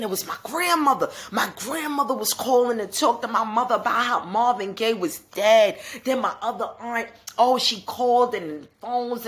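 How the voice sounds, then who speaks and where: A woman in her forties hosting a podcast, telling stories in an animated, gossipy way and talking straight to her listeners. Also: fairly low pitch. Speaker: podcast host. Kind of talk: casual solo podcast storytelling.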